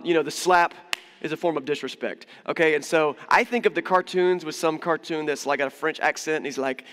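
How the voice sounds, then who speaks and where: A man preaching a sermon as pastor in a church, conversational and animated, acting out quoted voices. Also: fairly high pitch. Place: church hall. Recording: long church reverb.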